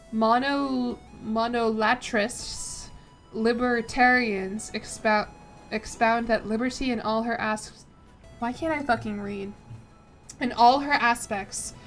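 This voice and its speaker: A woman streaming a strategy game, reading the game text aloud, stumbling over words, swearing and chatting with lots of "like". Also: on the high side. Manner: chatty asides with frequent "like". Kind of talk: casual gameplay commentary.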